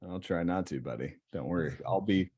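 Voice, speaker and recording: A man with a low voice chats as a podcast guest. He rambles and hesitates, filling pauses with fillers as he works his thoughts out aloud. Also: warm tone, slightly rough. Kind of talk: casual podcast chat.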